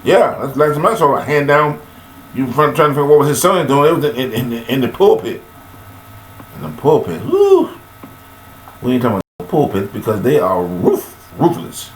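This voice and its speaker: A man giving a rambling, preachy monologue about forgiveness, recorded on a webcam, with sudden high-pitched bursts of emphasis. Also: expressive, brisk, reverberant, slight background noise, low-quality recording.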